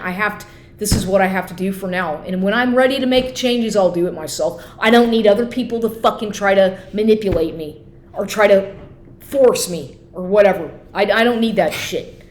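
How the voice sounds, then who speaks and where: Woman vlogger, angry swearing rant, mid-pitched voice, echoey room. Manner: profane, heated and repetitive.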